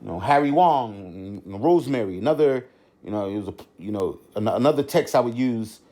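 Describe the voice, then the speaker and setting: A middle-aged podcast host delivers an unscripted monologue, rambling with many restarts and a constant stream of "you know." His lowish, mellow voice is animated and a little fast.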